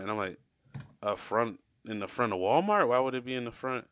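A young man in casual podcast chat, telling an animated story full of swearing and loud laughs. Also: fairly low pitch, brisk, clear, resonant tone, no room sound, studio quality.

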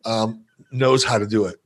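A man's voice: on the low side, steady tone, unhurried. A man talking as a podcast guest, telling a story in a playful, profane, self-amused way. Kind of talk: casual storytelling.

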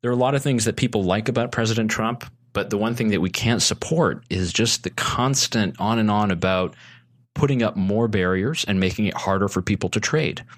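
A man's voice: on the low side, a little fast. A man speaking as a guest on a casual podcast, earnestly explaining policy at length with frequent restarts.

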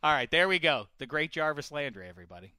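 Radio host, male, bright crisp voice, dry studio sound, playful banter. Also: fairly high pitch, very animated, quick pace, dry recording. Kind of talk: casual sports chat.

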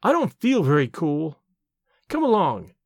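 A man reading a story aloud, voicing a lively young society woman who teases with a bright, airy manner. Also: on the high side, a little slow, no echo, studio quality, exaggerated voice. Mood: teasing. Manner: bright, airy, playfully teasing.

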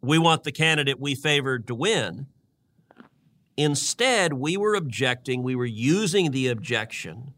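A man's voice: mid-range voice, sharp tone. A middle-aged man, a senator, explaining his reasoning in casual political talk, earnest and often repeating words as he builds a point. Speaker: senator and co-host.

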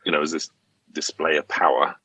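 A man talking as a podcast guest, an animated storyteller who laughs often in casual film chat. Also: very deep voice, fairly quick, husky, no room sound, poor audio.

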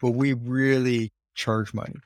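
A man's voice: mid-range voice, little pitch movement, a little slow. A man who is a guest author on a podcast, speaking earnestly and repeating phrases to drive his point home. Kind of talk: conversational podcast interview.

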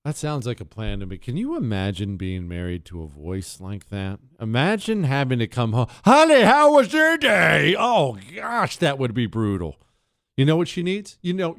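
A man's voice: on the low side, big pitch swings, normal speed, darkish tone, no echo. A man hosting a talk show, ranting sarcastically in a casual monologue into a studio microphone. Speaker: radio talk show host.

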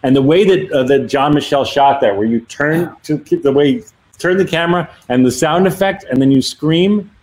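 A man's voice: on the high side, moderate pace, poor audio. A man co-hosting a live podcast, chatting casually and laughing often. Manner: animated, laughing, swearing freely. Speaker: podcast co-host.

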